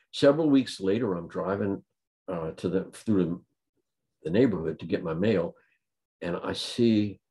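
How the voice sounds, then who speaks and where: A man giving a talk, telling a funny story with deadpan delivery. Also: deep voice, creaky. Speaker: guest speaker. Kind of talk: humorous anecdote at a talk.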